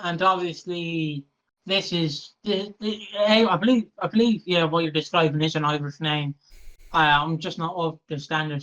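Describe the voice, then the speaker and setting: A man's voice: on the high side, pushed and bright. Hesitant man on a muffled podcast line. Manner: hesitant, halting. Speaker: podcast co-host. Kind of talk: casual podcast chat.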